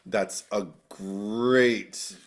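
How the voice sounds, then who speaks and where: A man co-hosting a film podcast in casual chat, animated and laughing often, jumping into high put-on voices. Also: drawn-out words. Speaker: podcast co-host.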